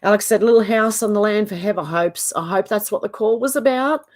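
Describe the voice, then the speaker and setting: An Australian woman hosting a livestream at home, reading viewers' comments aloud in a steady run with quick asides of her own. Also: medium pitch. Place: at home, off camera.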